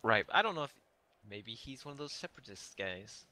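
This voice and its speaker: A man's voice: medium pitch, very animated, fairly quick, bright, forceful tone. A man in casual chat with friends on a game stream, rambling and searching for words. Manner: rambling, hesitant.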